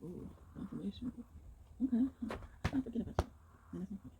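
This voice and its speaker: A young woman giving a casual tarot reading to her viewers, excited and rambling, often breaking into exclamations and slang. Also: medium pitch, fast, gravelly, very noisy. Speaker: tarot reader.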